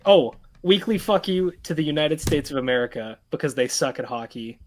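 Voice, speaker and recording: A man's voice: on the high side, animated, fairly quick, a little mellow, a little hiss or hum. A young man, co-hosting a podcast in loose, profane casual chat and laughing often. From Canada. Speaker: podcast co-host.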